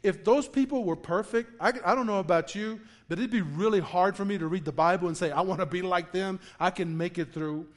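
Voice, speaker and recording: Male pastor, high tenor, animated storyteller delivering a sermon to his church. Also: a little fast, hardly any pauses. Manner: animated storyteller, acts out quotes with laughter. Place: church in front of a congregation.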